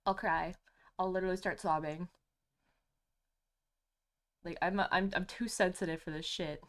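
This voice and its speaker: A young woman streaming a video game, gushing and excitable, swearing freely as she talks. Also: lowish voice, normal speed. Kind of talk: gaming livestream commentary. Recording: faint game music behind.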